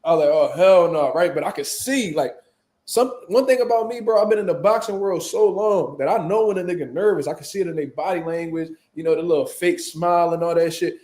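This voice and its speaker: A man telling a story in casual chat, animated and full of profane street slang. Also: high-pitched, brisk, reverberant. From Philadelphia, US. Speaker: boxing show host.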